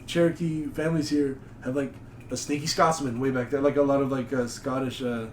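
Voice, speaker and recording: A man telling rambling, animated stories on a casual podcast. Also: mid-range voice, fairly quick. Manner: rambling, animated storytelling with mocking put-on voices. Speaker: podcast host. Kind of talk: casual chat. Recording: echoey room with faint noise.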